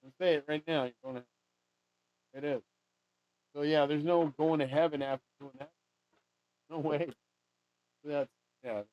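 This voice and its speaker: Here a vlogger with a fairly high, fairly even voice talks at normal speed but pauses often, with no room sound. He rambles casually while making a money charm, swearing a lot and drifting off mid-thought; the audio is dull, dry and lo-fi.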